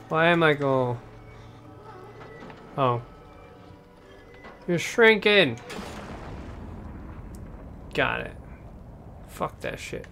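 A man giving chatty, excitable let's-play commentary, talking to the game's characters as he plays. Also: a little high, vocal fry, slight background noise. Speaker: gameplay commentator.

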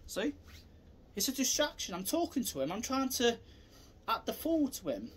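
A man giving a rambling, repetitive self-defence demonstration, acting out scenes and bursting into shouted sound effects. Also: sits high, very animated, moderate pace, a little hiss or hum. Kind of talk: casual demonstration talk.

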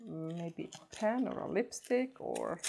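Low-voiced woman vlogger unboxing makeup, slow and gushy, keeps saying love love love. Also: gravelly, a little hiss or hum. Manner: gushing, repeats words in excitement. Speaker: beauty vlogger. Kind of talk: casual unboxing chat.

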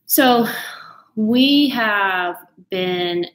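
A woman's voice: mid-range voice, expressive, drawn-out words, fairly bright tone, reverberant, low-quality recording. A woman hosting a live video talk, chatty and teasing, who laughs often. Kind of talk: casual motivational talk.

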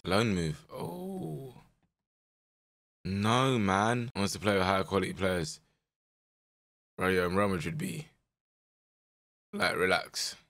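A young man with a strained voice, giving animated, slangy commentary while playing a management game. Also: on the low side. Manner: animated, exclaiming, slangy banter. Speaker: gaming content creator. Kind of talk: casual gameplay commentary.

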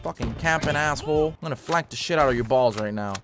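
A man giving excitable, profane live commentary over his own gameplay, swearing and trash-talking opponents. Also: on the high side, fast. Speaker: gaming commentator. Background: game music and gunfire.

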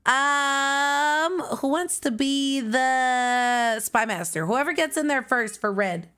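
A woman streamer chatting live while gaming, excitable, with loud exclamations and giggles. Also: high-pitched, unhurried, few pauses. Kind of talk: live game-stream chat.

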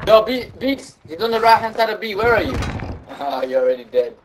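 A man's voice: high-pitched, very animated, fairly quick. A young man streaming a shooter game, trash-talking his friends with lots of swearing. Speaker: gaming streamer. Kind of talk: casual gaming banter. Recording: game sounds with gunfire noise. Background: game gunfire.

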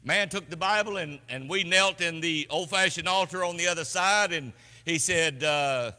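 Emphatic pastor preaching in a reverberant church. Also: male voice, a little high, moderate pace. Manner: emphatic, swings between loud and hushed. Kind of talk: sermon. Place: church sanctuary.

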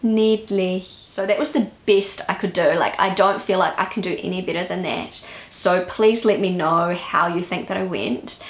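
A woman's voice: on the low side, normal speed, few pauses, reverberant. A woman from New Zealand with a New Zealand English accent, vlogging casually and musing self-critically as she practises pronunciation.

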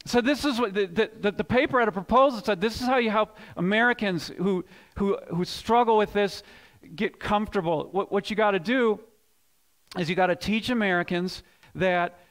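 A man preaching a sermon as pastor, swinging between loud emphatic bursts and hushed low lines, often repeating words as he builds a point. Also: normal speed. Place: church sanctuary.

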